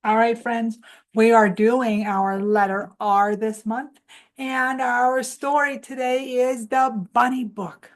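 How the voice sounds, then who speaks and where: Slow, coaxing woman teaching toddlers. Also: on the high side, fairly even intonation. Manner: coaxing, leads clap-along chants for toddlers; asks questions and answers for the children. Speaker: preschool teacher host. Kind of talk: children's morning lesson.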